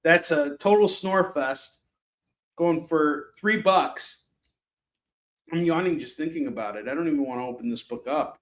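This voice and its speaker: A man hosting a live shopping stream, selling comics in a casual, chatty pitch, with sarcastic jokes and lots of fillers. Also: a little slow, fairly bright tone.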